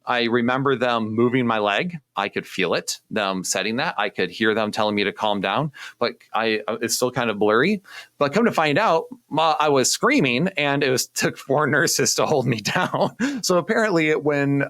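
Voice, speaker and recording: A young man, a youth pastor, casually telling a personal story with animated, self-deprecating humor and acted-out quotes. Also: fairly low pitch, no echo. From Indiana, US. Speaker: youth pastor, podcast co-host.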